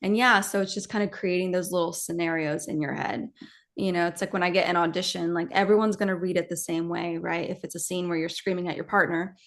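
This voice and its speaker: A woman actress talking casually in an interview, animated and rambling, with many fillers and restarts. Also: on the low side, fast.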